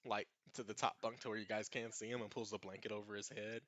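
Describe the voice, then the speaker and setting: A man's voice: on the low side, level tone, quick pace, a bit bright, dry recording. A man narrating a tabletop game as its game master, easygoing and often laughing.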